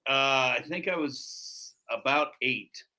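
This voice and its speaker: A man's voice: medium pitch, takes it slowly, pushed and bright. A man hosting a podcast, chatting easygoing and asking friendly questions. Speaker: podcast host. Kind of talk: casual interview chat. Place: podcast studio.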